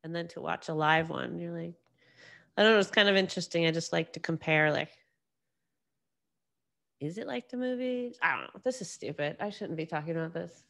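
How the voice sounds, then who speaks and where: रुक-रुक कर बोलती, थोड़ी खरखराती आवाज़ वाली महिला. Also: female voice, on the low side, brisk, gravelly, pauses often, a bit bright. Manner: rambling, self-deprecating, many restarts. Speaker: podcast host. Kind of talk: casual solo monologue.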